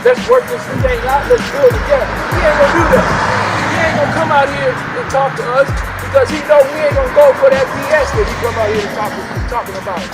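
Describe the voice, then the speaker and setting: A man giving a fiery protest speech outdoors at a rally, often shouting and repeatedly asking the crowd "right?". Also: extremely high pitch, quick pace, loud music behind the voice. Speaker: protest speaker.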